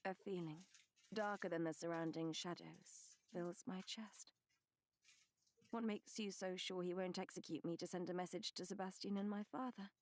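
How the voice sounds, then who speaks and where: A woman reading a first-person novel as an audiobook narrator, measured and expressive. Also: on the low side.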